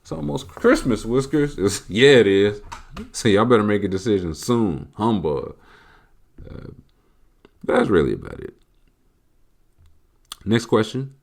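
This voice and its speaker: Deep-voiced joking podcast host man. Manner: joking, animated, conversational. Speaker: podcast host answering listener questions. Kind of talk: casual chat.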